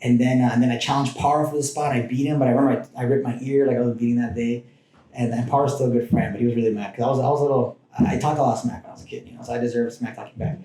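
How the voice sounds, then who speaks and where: As a podcast guest, a man casually recounts his past, rambling with frequent restarts and side remarks. His medium-pitched voice is mellow and steady, he talks very fast, and the room sounds roomy and echoing.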